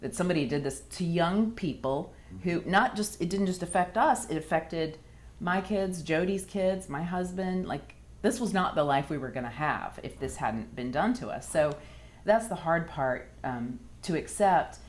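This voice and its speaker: A woman in her thirties, earnest and halting, telling her own story as a former patient in an interview. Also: on the low side, lively intonation. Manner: earnest, halting, many restarts. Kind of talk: emotional personal account.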